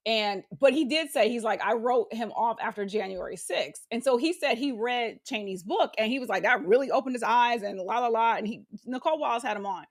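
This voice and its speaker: A woman's voice: fairly high pitch, a little fast, hardly any pauses. A woman co-hosting a podcast, chatting casually about politics, laughing often, swearing and reading quotes aloud. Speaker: podcast co-host.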